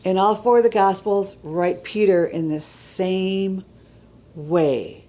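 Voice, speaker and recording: A woman's voice: medium pitch, takes it slowly, warm tone, rough recording. A woman giving a conversational church teaching, reading scripture aloud and checking in with her listeners. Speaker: Bible teacher.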